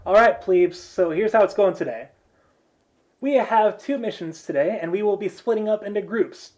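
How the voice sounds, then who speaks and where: A man voicing a brash, rowdy young blonde woman warrior in a tabletop game, talking loud and jokey. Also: sits high, normal speed, voice pushed up, close to an everyday voice. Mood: bossy.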